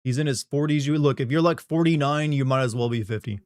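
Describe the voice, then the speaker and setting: A man's voice: medium pitch, quick pace, darkish tone, dry recording, clean studio sound. A middle-aged man from the Southern United States chatting casually on a live stream, rambling, joking and reading chat aloud.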